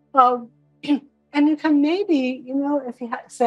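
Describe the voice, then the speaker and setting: A woman teaching an online spiritual class in a casual, animated way, now and then mimicking whiny voices. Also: sits high, very slow, long pauses, soft background music, rough recording.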